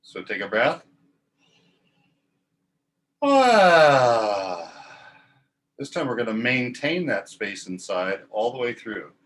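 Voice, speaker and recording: A man teaching a choir warm-up, talking through breathing and vowel sounds and demonstrating them in calm, instructive speech. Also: fairly low pitch, normal speed, hardly any pauses. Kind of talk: guided vocal warm-up lesson.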